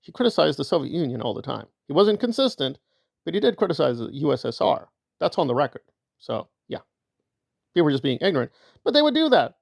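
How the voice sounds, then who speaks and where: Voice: medium pitch, big pitch swings, fast, gravelly, a little mellow, no room sound, clean studio sound. A commentator giving opinion commentary in a sarcastic, argumentative way.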